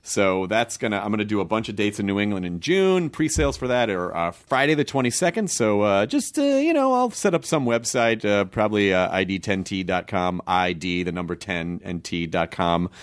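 A man's voice: on the low side, brisk, hardly any pauses. A man hosting a podcast, chatting casually and jokingly plugging upcoming shows. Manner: animated, jokey, plugging shows. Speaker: podcast host.

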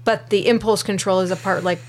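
A woman co-hosting a casual podcast chat, talking calmly and reasoning things out with gentle teasing. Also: medium pitch, fairly quick, a little hiss or hum. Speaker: podcast co-host.

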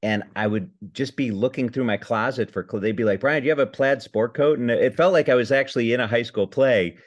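A man from Indiana, a comedy writer, chatting as a podcast guest from his home, self-deprecating and halting, with restarts and laughs. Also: medium pitch, lo-fi sound. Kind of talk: casual interview chat.

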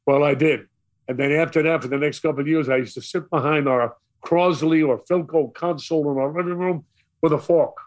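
An older man from Brooklyn with a New York accent, telling stories as an interview guest in a theatrical, animated way. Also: on the high side. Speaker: radio DJ guest. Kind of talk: storytelling interview.

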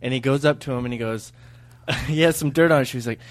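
A man's voice: mid-range voice, fast, no room sound. Teasing male co-host, dry sound. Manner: laughing, teasing anecdotes. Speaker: podcast co-host and DJ. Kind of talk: casual chat.

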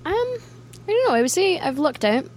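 A woman's voice: very high-pitched, big pitch swings, normal speed, a little mellow. A young woman with a Scottish accent, a band member chatting casually in an interview, laughing often and acting out quoted voices.

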